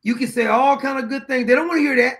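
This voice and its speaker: A man's voice: very high-pitched, quick pace, a bit bright. A middle-aged man hosting his own show, delivering a blunt, preachy, rambling opinion monologue. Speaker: show host.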